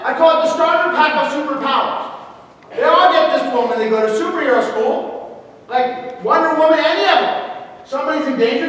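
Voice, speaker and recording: A man giving an energetic motivational talk at a school assembly, calling out to the students and acting out kids' voices. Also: very high voice, a little hiss or hum. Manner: animated, calls out to the audience, acts out kids' voices. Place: large school gym or auditorium. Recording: echoey hall recorded from far off.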